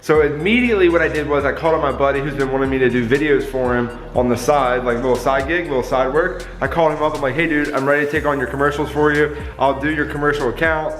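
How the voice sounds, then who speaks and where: A man talking casually to his camera for a daily vlog, chatty and loose, with quick apologetic asides. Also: a little high, fairly even intonation, fairly bright tone. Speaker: vlogger.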